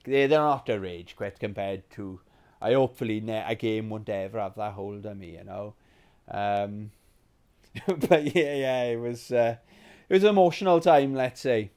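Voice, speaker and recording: A man from England hosting a gaming vlog, telling stories in a rambling, animated way and swearing freely. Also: mid-range voice, clean tone. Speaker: gaming channel host. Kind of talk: casual storytelling vlog.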